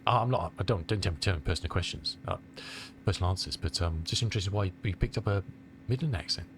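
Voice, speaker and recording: A man's voice: low voice, quick pace, background noise. A middle-aged man from England with a cold, chatting casually with his live-stream viewers and rambling as he answers their comments. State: has a cold. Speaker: flight sim streamer.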